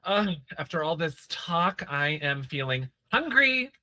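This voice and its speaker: An unhurried contestant who stretches out each word, with a bright, crisp tone to the voice. The banter is casual and carries over a video call. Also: mid-range voice, sing-song. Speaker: game show contestant.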